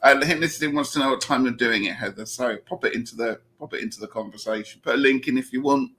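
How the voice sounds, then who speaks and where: A man's voice: medium pitch, fast talker, fairly bright tone, breathy edge. A man with a Southern English accent hosting a casual live-stream chat, reading out viewer comments and laughing often. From England. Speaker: host.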